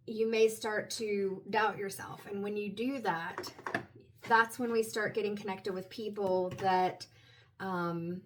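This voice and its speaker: A woman at home giving a private tarot reading, talking in a gentle, meandering, explanatory way. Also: mid-range voice, fairly even intonation, slow pace, low-quality recording. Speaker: tarot reader.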